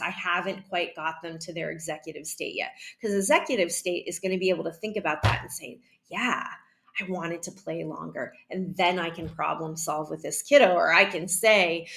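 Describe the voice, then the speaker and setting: A woman teaching a calm method for handling upset children, speaking gently and often checking in with "right?", sometimes dropping to a near whisper. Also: on the low side, creaky. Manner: calm, repeats "right?", models slow breathing. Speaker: early childhood educator. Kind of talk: teaching a parenting and classroom method.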